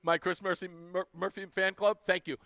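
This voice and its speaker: A man's voice: sits high, level tone, brisk, creaky, bright, forceful tone, dry recording. A man hosting a live radio talk show, chatting casually and effusively thanking donors. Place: radio studio.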